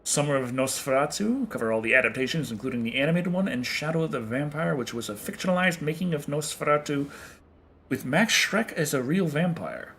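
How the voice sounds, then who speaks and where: A man chats loosely with his viewers while he plays, rambling from one thing to the next and swearing freely. His voice sits a little high and sounds bright and forceful, often breaking into a chuckle. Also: lively intonation, fairly quick. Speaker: streamer. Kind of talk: casual chat with viewers while playing.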